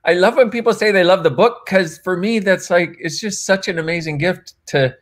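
A man's voice: high voice, normal speed. A man, an author, chatting casually in a conversation, laughing often, acting out remembered dialogue, and rambling and correcting himself as he goes. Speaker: author and guest.

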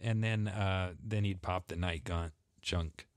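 A man playing a character in a tabletop game, relaxed and thinking aloud about his moves. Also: sits low, unhurried, smooth, no room sound, clean studio sound. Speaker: player. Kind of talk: casual tabletop play.

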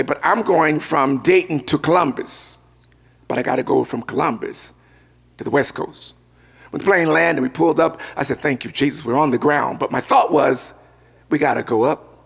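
A man's voice: a little high, gravelly, breathy edge. An older man, a pastor, preaching a sermon and weaving scripture together with a personal story.

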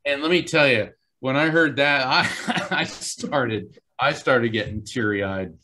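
A man's voice: mid-range voice, takes it slowly, sharp tone. Earnest man telling a story. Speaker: psychic guest. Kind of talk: storytelling in an interview.

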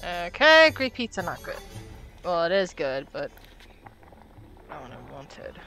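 A woman's voice: lowish voice, big pitch swings, a little slow, pushed and bright, soft background music. A woman streaming a video game, chatting casually and muttering to herself as she plays. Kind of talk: casual gaming stream commentary.

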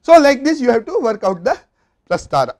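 A man with an Indian English accent giving a university lecture, explaining step by step in a measured way with occasional fillers and restarts. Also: very high voice, very animated, a little mellow. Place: recording studio or classroom.

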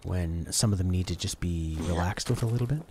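A man's voice: deep voice, a little fast, warm tone, a little hiss or hum. A man streaming a video game, chatting casually about games and reading his chat aloud while he plays. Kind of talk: casual gameplay commentary. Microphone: desk mic through an audio interface.

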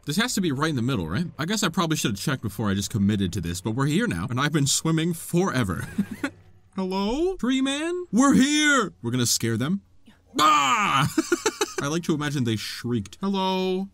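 A young man giving excitable let's play commentary, laughing often and talking back to the game characters. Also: medium pitch, quick pace. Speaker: gaming video creator.

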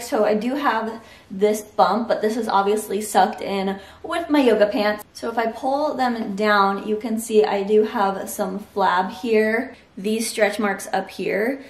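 A young woman vlogs casually, speaking candidly and reassuringly to the camera in a medium-pitched voice. The mic sits at a distance, slightly off her, and the room adds noticeable echo.

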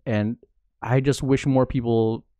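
A man hosts a casual podcast chat, circling his point with frequent "like"s and restarts. His voice sits at a middling pitch. The sound is dry and close, with no room echo. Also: steady tone, a little slow, warm tone. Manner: rambling, many "like" fillers and restarts. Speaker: podcast host. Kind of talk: casual conversation.

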